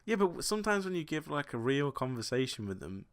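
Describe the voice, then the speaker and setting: A man's voice: fairly high pitch, sing-song, fairly quick, smooth. Young man telling rambling stories. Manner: rambling, self-deprecating storytelling with frequent laughs. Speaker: podcast co-host. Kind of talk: casual chat.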